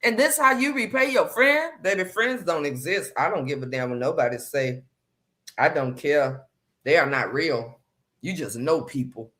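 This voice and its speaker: A woman in casual chat, talking sassy and emphatic. She hammers her points home by repeating them and swinging her pitch high and low. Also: normal speed, a bit bright. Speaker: commentary livestream host. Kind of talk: casual chat, drama commentary.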